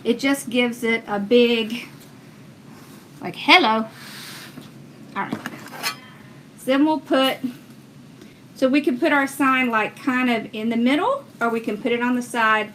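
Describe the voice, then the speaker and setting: Unhurried and fairly high in pitch, a woman chats her way through a livestreamed wreath-making lesson. She reads viewers' comments aloud while working, and a little hiss or hum is audible in the recording.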